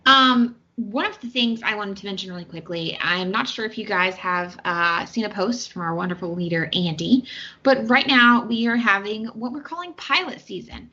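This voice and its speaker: Co-hosting a podcast, this Southern American woman chats casually and fills her speech with fillers. Her mid-range voice sounds pushed and bright, moving at a moderate pace, and the lo-fi audio is a bit dull.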